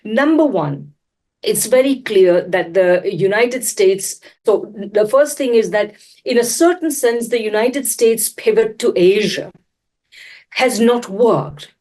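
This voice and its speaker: A woman giving political analysis in a measured, explanatory way. She builds her points step by step and sometimes breaks off to restart a sentence. Her pitch sits in the middle for a woman. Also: darkish tone. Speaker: political commentator. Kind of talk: analytical commentary.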